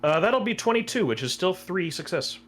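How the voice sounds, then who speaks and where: A man's voice: high-pitched, sing-song, a little fast, fairly bright tone, a little hiss or hum. A man playing a tabletop game, matter-of-factly reporting rolls and actions. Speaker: player.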